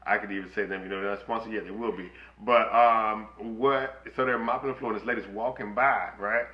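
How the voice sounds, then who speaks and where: A man co-hosting a podcast with his wife, telling animated stories in casual chat and acting out the people in them. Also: on the low side, brisk. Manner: animated storyteller, acts out others' voices. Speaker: podcast co-host. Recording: echoey room, slightly dull lo-fi sound.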